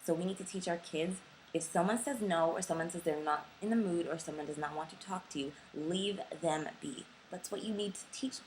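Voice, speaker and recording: A woman's voice: on the low side, a little fast, low-quality recording. Young woman venting on her vlog, blunt and sweary, sore throat, little hiss behind her. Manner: frustrated, blunt, swears freely. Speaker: vlogger. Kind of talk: casual vlog rant.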